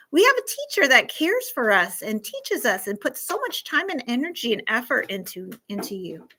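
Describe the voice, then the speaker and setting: Woman, classroom counselor type, bright and higher-pitched, animated, acts things out for kids. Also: moderate pace, few pauses, poor audio. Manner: animated, acts out scenarios, asks the class questions. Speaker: school counselor teaching a class. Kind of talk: classroom lesson to fourth graders.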